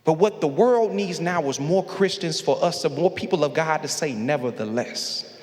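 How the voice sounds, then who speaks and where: Brief: high-voiced male preacher, rhythmic repetition, call-and-response, long church reverb. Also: animated, moderate pace, darkish tone, a little hiss or hum. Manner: rhythmic, repeating lines, calls on the congregation to answer. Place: large church sanctuary with balcony. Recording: long hall reverb from the sanctuary.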